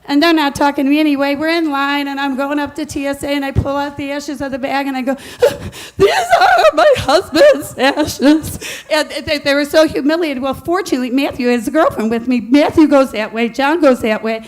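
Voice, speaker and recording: A middle-aged woman telling a personal story to an audience, animated and laughing as she goes, acting out what others said. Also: high-pitched, quick pace, few pauses.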